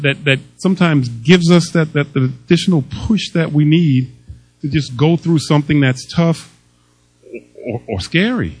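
A man's voice: on the high side, no echo, poor audio. An older man preaching a sermon as pastor, emphatic and humorous, telling stories and reading scripture.

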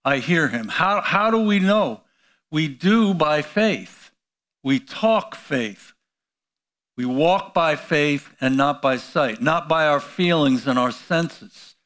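Preaching slowly with a fairly bright tone, this man's voice sits on the high side and has lively intonation. He exclaims hallelujah, often drops in "you know," and draws the congregation into call-and-response questions.

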